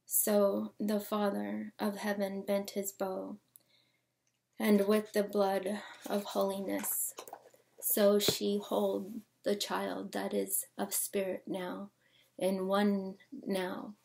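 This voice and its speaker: A woman's voice: mid-range voice, gravelly, darkish tone. A woman performing dramatic spoken-word poetry, theatrical and often dropping into whispers.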